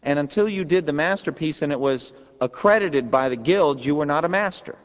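A man's voice: fairly high pitch, animated, a little fast. A man preaching a sermon as pastor, earnest and emphatic, asking his listeners rhetorical questions. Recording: long hall reverb.

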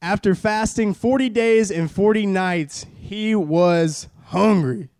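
In his twenties, this preacher delivers a casual, joking church sermon, driving points home through repetition. He speaks slowly in a slightly high, smooth, resonant voice with a darkish tone, recorded close and dry with no echo.

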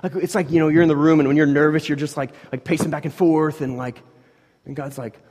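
A man's voice: on the high side, fairly even intonation, quick pace. Man preaching in a reverberant hall. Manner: conversational, swings from hushed to loud, many "like" fillers. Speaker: pastor. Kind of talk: sermon.

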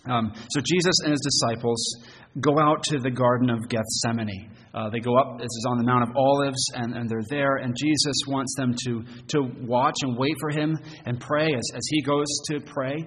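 A man preaching a sermon as pastor, earnest and halting, often repeating words as he goes. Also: medium pitch, steady tone, a bit bright. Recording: long church reverb, faint noise.

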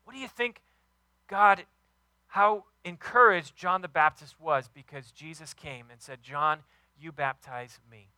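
A man preaching a sermon with enthusiastic, emphatic delivery, warm about his kids and his faith. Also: sits high, lively intonation, a little slow, dry recording, poor audio. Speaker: pastor.

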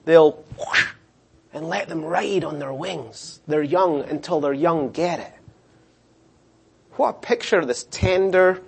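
A middle-aged man preaching a sermon, animated, acting out the voices of the people in his story. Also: a little high, husky. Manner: animated, acts out voices of complainers and God. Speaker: pastor.

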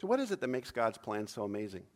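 A man preaching a sermon in an animated way, acting out cries with sudden loud, high bursts. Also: fast. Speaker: pastor.

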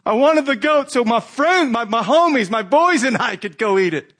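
A man's voice: very high voice, animated, moderate pace, a bit bright, voice pushed up, heavily acted. A man voicing a resentful, greedy grown son who demands his reward, in a whiny, petulant tone.

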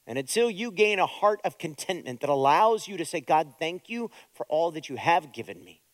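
High-voiced pastor preaching. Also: male voice, sing-song, normal speed, dry recording. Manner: preaching with strong swings between soft prayer and loud urging. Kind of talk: sermon.

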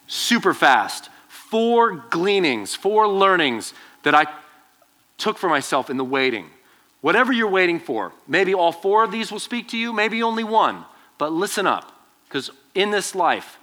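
A young man preaching to students as their pastor, telling a personal story with lively, acted-out quotes. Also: high-pitched, measured pace. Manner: animated storytelling, acts out quoted voices. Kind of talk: youth sermon with personal story.

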